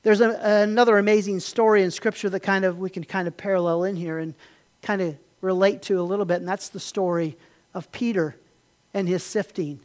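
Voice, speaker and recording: A man delivers a sermon in a high voice. He tells the stories with building passion, climbs to forceful peaks, then drops back to soft, conversational retelling. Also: fairly even intonation, brisk. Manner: impassioned, rising to emphatic peaks then dropping quiet. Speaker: pastor.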